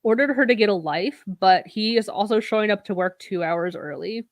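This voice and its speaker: A woman's voice: medium pitch, animated, normal speed, no room sound. A woman co-hosting a podcast, recapping an episode in casual chat, swearing freely and acting out the characters' lines. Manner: chatty, swears casually, acts out quoted lines. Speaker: podcast co-host.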